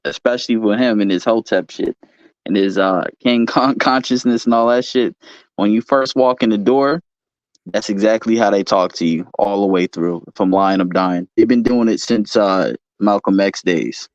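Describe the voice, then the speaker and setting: Man, casual chat, matter-of-fact, low-ish voice, dry, muffled sound. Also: moderate pace, no echo.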